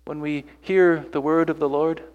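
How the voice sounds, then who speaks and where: A man's voice: fairly high pitch, fairly even intonation, moderate pace, a little mellow, in a large hall, highs cut off. A man preaching a sermon earnestly, pressing his listeners with rhetorical questions and repeated phrases. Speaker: pastor.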